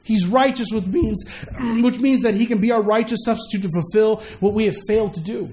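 High-voiced man preaching casually. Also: brisk, darkish tone, a little hiss or hum. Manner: conversational preaching, repeats words, asks the listeners questions. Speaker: pastor. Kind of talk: sermon.

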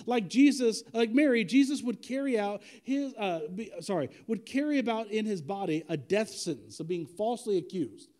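A male pastor with a voice that sits high preaches a sermon in an animated, conversational style. He throws in slang and asks the congregation direct questions.

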